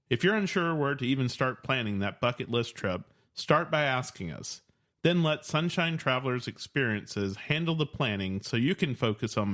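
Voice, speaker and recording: A man's voice: mid-range voice, a bit bright. A man hosting a travel podcast, reading an upbeat promo and asking interview questions. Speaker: podcast host.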